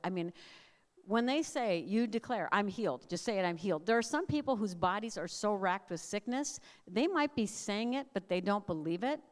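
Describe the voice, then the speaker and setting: A middle-aged woman giving a conversational, storytelling sermon. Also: mid-range voice. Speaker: speaker. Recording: reverberant hall.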